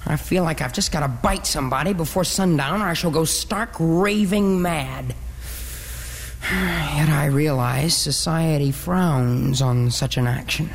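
A woman's voice: deep voice, measured pace, big-room sound, slight background noise. Woman playing a theatrical, cat-hating pet dog. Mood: melodramatic. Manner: theatrical, brooding monologue. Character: dreamy, dramatic pet dog who hates cats. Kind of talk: stage musical acting.

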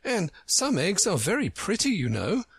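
Male reader doing a curious, courteous young girl, soft and lifted pitch, a little raspy. Storybook. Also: wildly swooping pitch, moderate pace, full character voice. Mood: gentle. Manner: gentle and polite. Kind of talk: storybook reading.

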